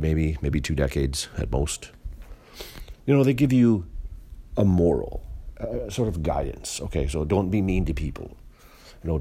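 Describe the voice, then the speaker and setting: A man with a very low, husky voice delivers a solo podcast monologue. He rants bluntly with plenty of profanity, rambling and restarting his sentences as he goes. The grumbling tone stays disgruntled throughout. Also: darkish tone. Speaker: podcast host.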